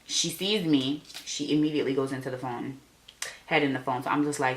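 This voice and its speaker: A young woman vlogger telling an animated storytime, acting out the people she quotes. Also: rumbling low, a little fast. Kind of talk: storytime vlog.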